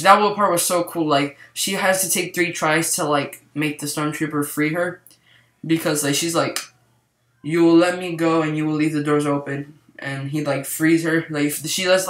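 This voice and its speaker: A young man rambling excitedly through a casual movie review, full of fillers and restarts. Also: fairly high pitch. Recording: echoey room.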